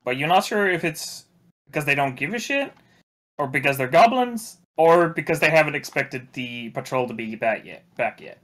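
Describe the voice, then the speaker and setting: A man running a tabletop game as game master, narrating in a halting way with many restarts. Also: a little high, animated, fairly bright tone. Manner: halting, full of fillers and restarts.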